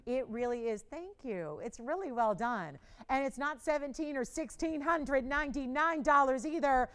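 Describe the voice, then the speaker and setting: A woman hosting a live shopping channel, chatting upbeat through a jewelry sales pitch and talking to operators and callers from a studio lapel mic. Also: lively intonation, moderate pace, fairly bright tone, clean tone. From Los Angeles. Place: television studio.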